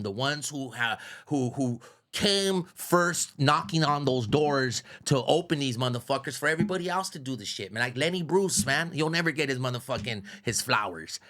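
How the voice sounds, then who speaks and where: A middle-aged man with a gravelly, fry-laden voice speaks at an ordinary pitch. As a guest in a casual interview, he tells stories with emphatic repetition and frequent profanity. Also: fairly bright tone. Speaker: radio personality as guest.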